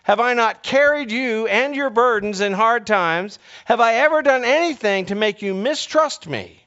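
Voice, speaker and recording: A man's voice: very high voice, animated, moderate pace, sharp tone, smooth, voice pushed up, full character voice. A faithful male donkey pleads with his master, his voice lifted well above the speaker's usual register as he asks one earnest question after another, put on by a man in a sermon. It comes through a dull, lo-fi recording. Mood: pleading.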